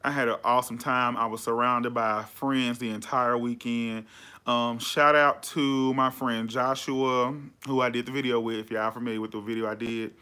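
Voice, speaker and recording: Male podcast host with a bright voice, lively and slangy, a casual storyteller. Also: medium pitch, moderate pace, clean tone. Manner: animated, chatty, lots of slang and fillers. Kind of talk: casual chat.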